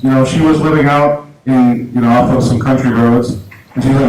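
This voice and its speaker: Halting man doing stand-up in an echoey club. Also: mid-range voice, fairly even intonation, darkish tone. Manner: halting, self-deprecating delivery with many restarts. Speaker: stand-up comedian. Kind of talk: stand-up comedy set. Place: small comedy club. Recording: echoey club room, audible noise, poor sound.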